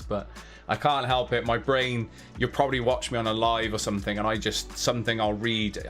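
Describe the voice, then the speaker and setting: A man's voice: lowish voice, fairly bright tone. Chatty male stream host, laughs easily. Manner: chatty, laughs often, slips into put-on accents. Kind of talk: casual live-stream chat.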